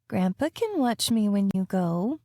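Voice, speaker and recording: A woman's voice: medium pitch, very animated, a little slow, mellow, dry recording, studio quality. A woman voicing a defiant eight-year-old girl with a whiny, sulky way of talking.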